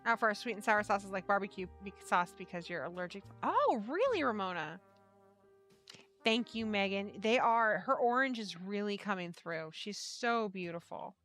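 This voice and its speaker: A woman's voice: mid-range voice, expressive, normal speed, a bit bright, faint music behind. A woman hosting a casual live stream, chatty, laughing often and swearing casually. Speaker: livestream host and yarn shop owner.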